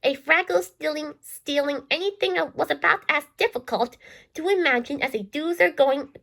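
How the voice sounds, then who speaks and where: A woman's voice: high-pitched, moderate pace, vocal fry, a bit bright. A woman reading a children's storybook aloud, often stopping to restart and repeat words. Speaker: storybook reader.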